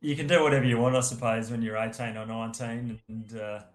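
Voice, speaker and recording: A man's voice: mid-range voice, fairly even intonation, fast talker. A man hosting a podcast, asking long, rambling questions full of fillers. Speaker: podcast host. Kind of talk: interviewing. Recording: roomy echo.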